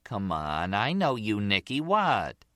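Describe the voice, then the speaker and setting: A man's voice: fairly low pitch, wildly swooping pitch, takes it slowly, a bit bright, dry recording, clean studio sound, exaggerated voice. A man voicing a brash young woman who gossips and wheedles in an audiobook reading. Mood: gossipy.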